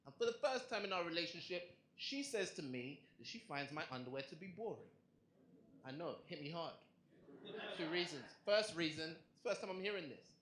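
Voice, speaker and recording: A young man works a comedy club stage in a stand-up set, telling his story with animated swings and quick acted-out quotes. His voice is bright and a little high for a man. The recording is live and roomy, with faint room noise underneath. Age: young adult. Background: audience laughter.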